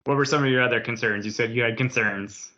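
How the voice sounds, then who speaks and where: A podcast co-host chatting casually about a movie, agreeable and quick to laugh along. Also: mid-range voice, bright, forceful tone, dull audio.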